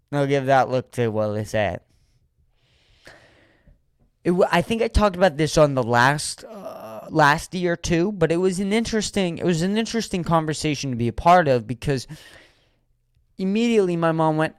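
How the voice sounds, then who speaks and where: Smooth-voiced man rambling on his solo podcast. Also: on the high side, moderate pace, no room sound. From Erie, Pennsylvania. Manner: rambling, animated, swears freely, acts out quotes. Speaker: podcast host and comedian.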